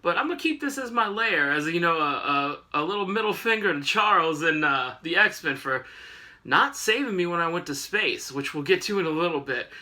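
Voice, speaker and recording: A man's voice: on the high side, lively intonation, moderate pace, sharp tone. A man voicing a boastful, arrogant male supervillain who brags in casual slang. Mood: smug.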